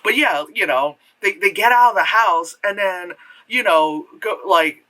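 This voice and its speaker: A movie reviewer talking casually, rambling and swearing, with lots of fillers and sudden jumps into high voices. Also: a little slow. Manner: rambling, loose and profane, full of fillers; animated, jumps into high voices for retold reactions. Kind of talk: casual spoken film review.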